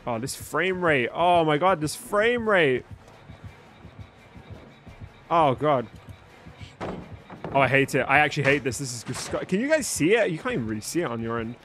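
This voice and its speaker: A man's voice: a little high, expressive, a little fast, a bit bright. A young man chatting live with his viewers while gaming, joking and swearing freely. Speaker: livestreamer. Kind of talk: live gaming stream chat.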